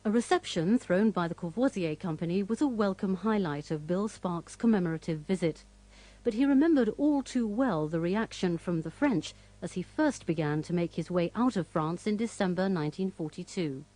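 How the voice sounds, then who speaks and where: A woman giving scripted documentary narration in a measured, even way. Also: on the low side, poor audio.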